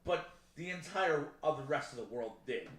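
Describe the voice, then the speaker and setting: A man co-hosting a podcast in casual chat, ranting with plenty of swearing and getting loud and animated. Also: fairly high pitch, normal speed, reverberant, rough recording. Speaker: podcast co-host.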